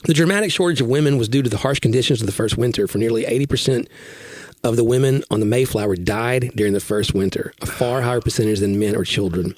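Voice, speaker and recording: A man's voice: medium pitch, fast talker, darkish tone, dry recording. A man co-hosting a podcast in casual chat, teasing and wry in his banter. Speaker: podcast co-host.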